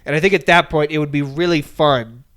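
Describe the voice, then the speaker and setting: Smooth-voiced man, rambling deadpan storyteller. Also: fairly high pitch, brisk. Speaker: podcast co-host. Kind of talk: casual comedic podcast chat.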